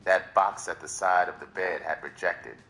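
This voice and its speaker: Deep-voiced man reading aloud dramatically. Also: fairly even intonation, normal speed, bright, forceful tone. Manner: dramatic first-person narration. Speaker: reader. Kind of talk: live-stream book reading.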